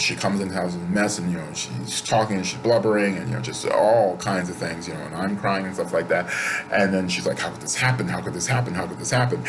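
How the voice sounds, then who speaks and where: Low-voiced man rambling through a spiritual lesson. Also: rough recording. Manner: rambling, animated when reenacting. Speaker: spiritual teacher. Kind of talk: casual spiritual talk with personal story.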